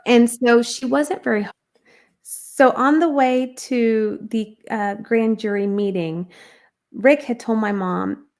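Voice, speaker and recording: A woman's voice: on the high side, fairly even intonation, takes it slowly, a little mellow. A woman guest earnestly telling a personal testimony in conversation, with frequent ums and restarts. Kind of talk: personal storytelling.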